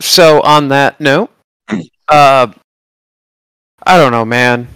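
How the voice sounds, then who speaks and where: Smooth-voiced laid-back podcast guy. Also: medium pitch, very slow, fairly bright tone, dry recording, rough recording. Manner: laid-back, swears freely. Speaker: podcast co-host. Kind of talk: casual chat.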